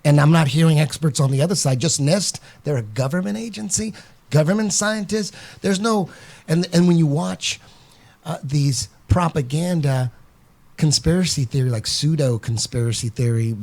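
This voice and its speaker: Blunt, animated man hosting a podcast. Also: on the high side, normal speed, creaky. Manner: blunt, animated storytelling with repeated phrases. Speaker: host. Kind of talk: casual podcast chat.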